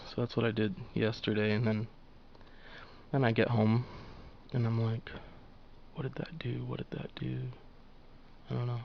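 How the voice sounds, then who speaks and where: Gravelly young man rambling, lo-fi. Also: mid-range voice, slight background noise. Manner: loose and profane, laughs often, many fillers. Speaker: vlogger drawing on camera. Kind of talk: rambling casual monologue. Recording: dull lo-fi home recording.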